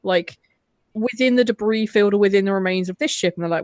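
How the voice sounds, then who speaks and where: A woman's voice: mid-range voice, brisk, darkish tone, dry recording. Woman reviewing a movie w friends, sarcastic and sweary, dry close sound. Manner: sarcastic, swears, stumbles and restarts. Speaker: podcast co-host. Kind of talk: casual movie review chat.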